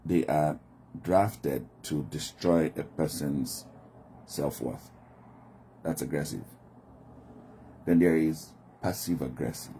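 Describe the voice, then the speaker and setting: Deep, dark-voiced man explaining. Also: slight background noise. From Nigeria. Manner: reflective, acts out quoted voices. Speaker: commentator. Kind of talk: monologue on communication.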